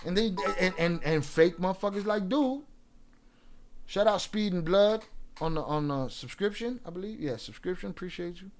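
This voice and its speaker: Livestream host, male, high-pitched, profane and taunting, rants straight at his chat. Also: expressive, normal speed, a little mellow. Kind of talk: livestream rant addressing chat.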